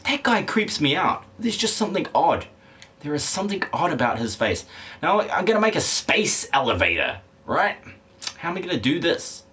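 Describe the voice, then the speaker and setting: This game streamer's voice sits fairly high, very animated, pushed and bright, at a moderate pace. He chats casually with viewers and reads chat while playing, rambling, joking, swearing and laughing often.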